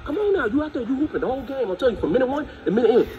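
A man playing a loud, pushy male basketball coach who badgers his tired star player in a comedy sketch. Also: very high voice, animated, narrow, tinny audio. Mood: badgering. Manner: rapid, badgering, shouting.

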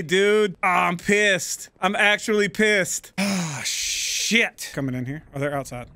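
A man giving casual, profane gameplay commentary, prone to loud excited outbursts. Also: high voice, slow, hardly any pauses, dry recording. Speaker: gaming YouTuber.

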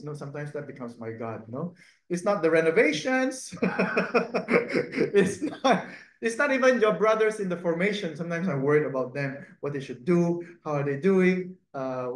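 Priest preaching in an echoey room. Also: male voice, a little high, expressive, normal speed. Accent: Filipino English. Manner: conversational, laughing asides, tag questions. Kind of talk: sermon.

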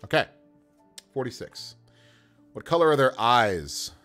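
Lively man rolling up characters. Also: medium pitch, measured pace, pauses often, soft background music. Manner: animated, laughs often, talks to chat while rolling dice. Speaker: game master building characters. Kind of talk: casual livestream chat.

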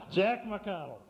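A man at a public meeting introducing a speaker with a folksy joke, halting with many filler sounds. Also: sits high, very noisy. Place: meeting hall. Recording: lo-fi cassette with hall reverb.

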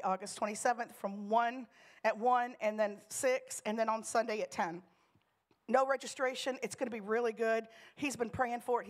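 Chatty woman giving church announcements. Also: on the high side. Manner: chatty, upbeat, often laughing and restarting sentences. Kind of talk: prayer and casual church announcements.

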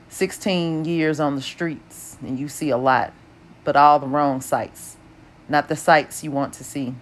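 A woman narrating an audiobook with steady, even storytelling. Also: low voice.

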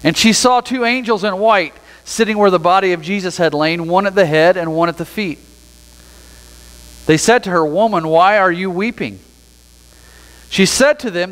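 A man preaching a sermon as pastor, reading scripture aloud and then explaining it in a relaxed, conversational way. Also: high-pitched, measured pace, in a large hall, poor audio. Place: church sanctuary.

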